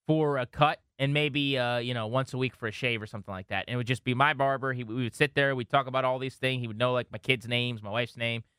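A man in his thirties co-hosting a casual sports talk show, telling animated stories. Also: medium pitch, fast, few pauses, clean tone, no room sound, clean studio sound. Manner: animated storyteller, slips into funny voices. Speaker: podcast co-host.

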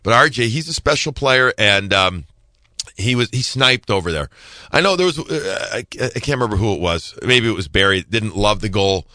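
A man's voice: lowish voice, animated, normal speed, bright, forceful tone, no room sound. A man giving hockey analysis on a podcast, emphatic and repeating himself to stress a point. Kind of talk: podcast sports talk.

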